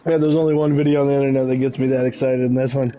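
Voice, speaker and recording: A man in casual sports chat, excitable and swearing, laughing easily. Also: medium pitch, rapid-fire, muffled recording.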